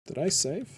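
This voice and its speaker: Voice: a bit bright, a little hiss or hum. A game streamer chatting casually through a live playthrough at a home computer, reading game text aloud and humming along to the music.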